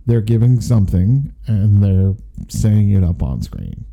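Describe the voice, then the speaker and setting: A man's voice: fairly low pitch, lively intonation, a little slow, vocal fry, warm tone. A man co-hosting a podcast, talking through a movie review in a rambling, conversational way. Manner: rambling, conversational, many restarts. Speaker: podcast co-host. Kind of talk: casual movie review chat.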